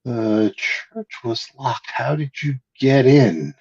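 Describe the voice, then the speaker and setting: A man voicing a frightened, weeping male village priest who speaks in a shaky, halting, despairing way. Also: mid-range voice, darkish tone, breathy edge, voice pushed up. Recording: dull lo-fi recording.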